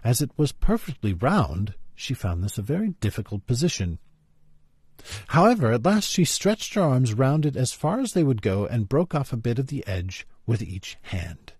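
A man reads a children's story aloud with a husky voice and a widely moving pitch. His tone is mid-range and expressive. The sound is dry and close, with no room echo. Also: normal speed. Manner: lively, expressive reading. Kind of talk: reading a children's classic aloud on a live stream.

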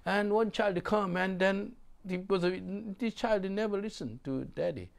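A middle-aged man, a pastor preaching a sermon in halting, broken English. He drops to low murmurs and then bursts out loudly. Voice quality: gravelly. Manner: swings from low murmurs to loud exclamations.

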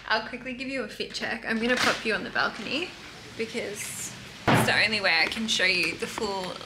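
Australian woman, casual vlog chat, higher voice, echoey room. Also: very noisy. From Melbourne, Australia. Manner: chatty, candid, swears casually. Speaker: vlogger. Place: hotel room and streets outdoors.

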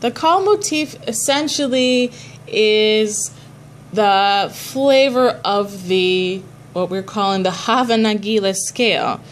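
A woman's voice: medium pitch, animated, a little slow, slight background noise. A woman cantor teaching a class on chanting prayers, explaining patiently and chanting short examples.

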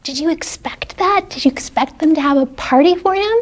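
A woman working as a children's librarian, reading stories aloud in a gentle, exclamatory way and asking the young listeners questions. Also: high voice, a little fast. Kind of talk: children's story read-aloud.

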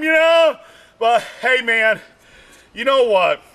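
A man doing a rambling stand-up monologue, drawling and meandering, full of "you know, man," with sudden shouted bursts. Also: extremely high pitch, expressive, slow, pauses often. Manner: bursts into shouting and sung snippets. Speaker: stand-up comedian.

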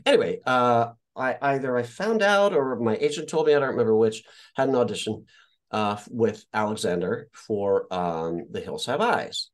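A man from Indiana tells stories as an interview guest, his voice swinging widely up and down as he gets carried away. He drops swear words freely and acts out the people he quotes. The pitch sits in the middle for a man. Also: expressive, moderate pace. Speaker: actor guest. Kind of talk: casual interview storytelling.

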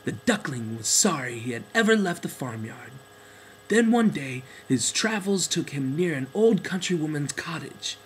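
A man narrating a children's storybook in a gentle, expressive way. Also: on the high side, moderate pace, slight background noise, poor audio.

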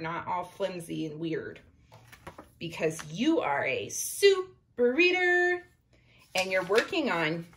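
A woman's voice: on the low side, fairly bright tone. A woman teacher giving a reading lesson to young children, reading a book aloud word by word in an encouraging way. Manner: encouraging, slow read-aloud pointing at each word.

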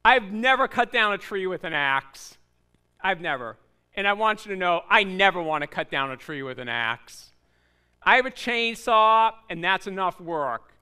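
Bright, animated preaching man. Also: high voice, moderate pace, smooth. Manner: animated storytelling with voiced asides and rhetorical questions. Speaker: pastor. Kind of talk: sermon. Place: church sanctuary.

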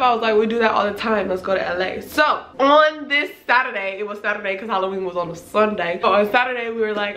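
A woman in her twenties with a congested voice, casually telling a storytime tale with animated delivery, laughing often and filling her talk with "like.". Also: mid-range voice. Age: 20s. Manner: animated, laughing, lots of "like" fillers. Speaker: vlogger. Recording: roomy echo, faint background noise.

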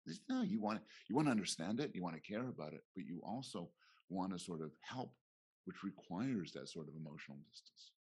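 Low husky middle-aged man. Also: big pitch swings, brisk, darkish tone. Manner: reflective, acts out quoted voices. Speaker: guest professor. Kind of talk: conference interview.

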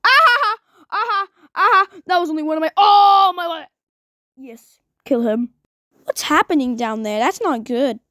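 A woman doing goofy, squeaky voices for several characters in a homemade animated cartoon. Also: moderate pace, pauses often, no echo. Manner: squeaky, shrieky and goofy, switching between characters.

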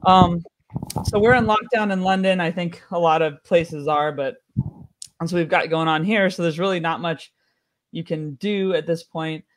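A man's voice: on the high side, steady tone, normal speed. An American man performing a stand-up comedy set with a wry, offhand delivery. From United States.

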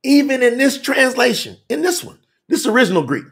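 A man preaching a fiery telethon sermon, emphatic and repetitive, swinging from shouts to hushed asides, with Southern US dialect grammar. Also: extremely high pitch, animated, normal speed, creaky.

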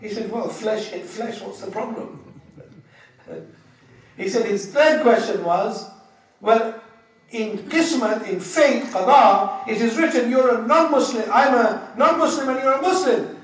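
Animated storytelling man in an echoey hall. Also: very high voice, a little slow, far from the mic. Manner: animated storyteller who acts out quoted voices and laughs. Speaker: Islamic teacher. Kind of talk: sermon with told anecdotes.

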